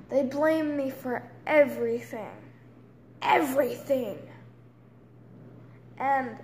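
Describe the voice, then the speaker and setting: Slow-talking frustrated teen girl, high voice. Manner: profane, frustrated, swings from loud outbursts to hushed whispers. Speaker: vlogger. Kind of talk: emotional venting rant. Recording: roomy echo with faint background noise.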